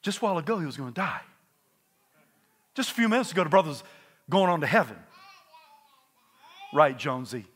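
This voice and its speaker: A male pastor delivering a sermon in a high, bright voice. He moves from hushed asides to loud, fervent outbursts and keeps the congregation engaged. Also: brisk, pauses often, husky. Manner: animated, swings from quiet asides to loud exclamations.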